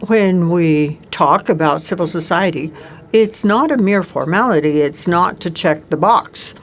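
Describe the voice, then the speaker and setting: Lower-voiced woman interpreting live. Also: measured pace, slight background noise. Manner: steady, even delivery in the first person. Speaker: simultaneous interpreter.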